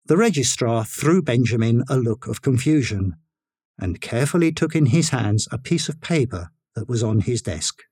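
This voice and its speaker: A man narrating a story in a measured, expressive reading style. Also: medium pitch, slightly rough, no echo, clean studio sound.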